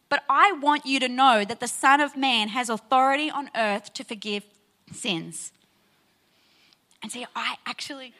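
In this sermon, a woman with a high-sitting voice tells a Bible story with lots of energy, dropping in "right?" again and again to engage her audience.

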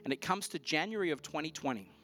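A man preaching a sermon, telling a personal story in a lively, storytelling way, his voice rising sharply at the exciting moments. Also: on the high side, quick pace. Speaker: pastor.

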